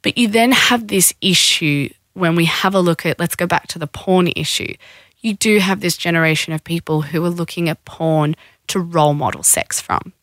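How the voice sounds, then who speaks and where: A woman's voice: lowish voice, a bit bright, no room sound, studio quality. Frank woman explaining plainly. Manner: frank, explanatory, acts out quick quoted voices. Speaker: sex educator guest. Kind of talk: frank podcast conversation.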